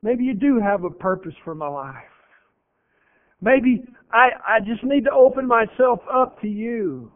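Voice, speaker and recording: A male preacher delivers an earnest, emphatic sermon in a very high voice, repeating phrases to drive points home. The sound is thin and tinny, like a radio broadcast carried over a phone line. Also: animated, unhurried.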